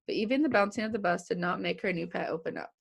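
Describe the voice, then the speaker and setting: A woman's voice: lowish voice, fast, creaky, breathy edge. A young woman reading a children's chapter book aloud to kids, giving each character their own voice. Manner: lively, puts on voices for the characters.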